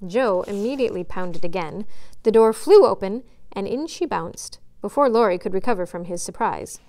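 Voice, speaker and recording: A woman, a children's librarian, reading a chapter book aloud in a friendly, measured way. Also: medium pitch, animated, warm tone.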